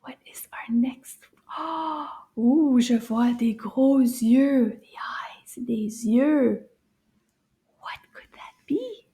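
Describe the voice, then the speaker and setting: Woman, high voice, very slow delivery, kids' French teacher; gasping wonder, whispered asides, stretched-out words. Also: warm tone, slightly rough. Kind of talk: slow, playful kids' lesson.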